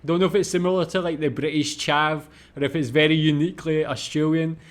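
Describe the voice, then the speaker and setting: A man's voice: on the high side, fairly even intonation, quick pace. A man hosting a reaction video, curious and asking many questions. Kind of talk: reaction commentary.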